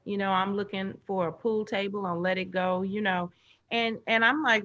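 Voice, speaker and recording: A woman's voice: medium pitch, moderate pace. A middle-aged woman telling personal stories in a casual video chat, acting out the voices of the people she quotes. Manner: animated storyteller, acts out quoted voices. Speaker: guest. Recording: dull lo-fi online stream audio.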